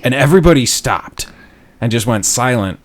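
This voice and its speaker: A man's voice: mid-range voice, animated, moderate pace. Profane storytelling podcast guy. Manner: profane, laughing, acts out quoted voices loudly. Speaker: podcast co-host. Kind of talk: casual chat, storytelling. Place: podcast studio.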